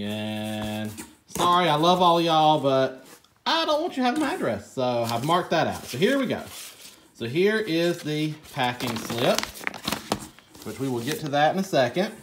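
A man with a Southern US accent, hosting a gardening channel and chatting excitedly through an unboxing. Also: on the high side, a little hiss or hum. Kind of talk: casual vlog unboxing.

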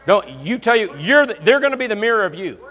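Animated preacher in a reverberant church. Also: male voice, sits high, fast talker. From Alabama, US South. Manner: storytelling with bursts of shouting praise. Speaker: guest minister. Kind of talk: lively comedic sermon. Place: church sanctuary. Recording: long church hall reverb.

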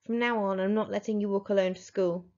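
A woman's voice: medium pitch, steady tone, fast, darkish tone, lightly acted. A woman voicing a caring, firm elderly grandmother reassuring her grandson, on a dull lo-fi recording. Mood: grave.

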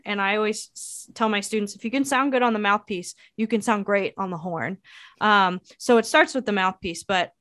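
A woman's voice: medium pitch, fairly bright tone, dry recording, studio quality. A woman saxophonist and educator, answering interview questions in a thoughtful, reflective way, with frequent fillers and restarts.

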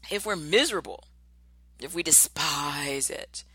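A woman hosting a motivational podcast, talking passionately and emphatically, and slowing down to stress her key words. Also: deep voice, sharp tone, breathy edge, no echo. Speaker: podcast host.

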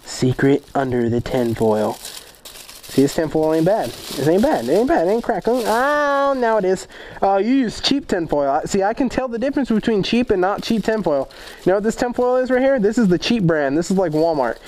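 Brief: male vlog host, high-pitched, profane and jokey, unboxing fan mail. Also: animated, moderate pace, darkish tone, slight background noise. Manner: profane, joking, rambling. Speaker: motovlog host.

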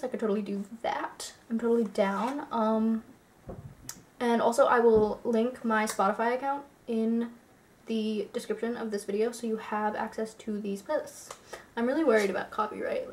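A woman's voice: fairly high pitch, darkish tone. A young woman chatting casually to her viewers in a rambling vlog, full of fillers. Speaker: YouTuber.

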